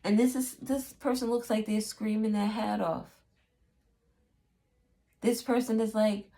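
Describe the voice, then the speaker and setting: A woman's voice: mid-range voice, steady tone, a little slow, long pauses, warm tone. A woman giving a casual tarot reading, chatty and acting out little quotes in playful voices. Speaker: tarot reader.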